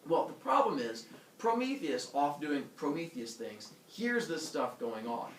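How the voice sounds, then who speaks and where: A man teaching a class, retelling a myth with lively acted-out character voices. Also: on the high side, a little slow, a little hiss or hum. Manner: animated, acts out characters with silly voices. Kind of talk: storytelling lesson to students. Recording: echoey room from far off.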